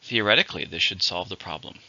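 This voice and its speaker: A man teaching English vocabulary in a recorded lesson, with slow, clear, deliberate pronunciation drills. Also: deep voice, sharp tone, no room sound. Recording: dull lo-fi recording.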